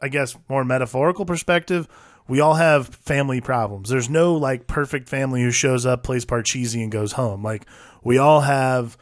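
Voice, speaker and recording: A man's voice: medium pitch, normal speed, no echo. Rambling profane man, dry close sound. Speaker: podcast co-host. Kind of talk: casual film discussion.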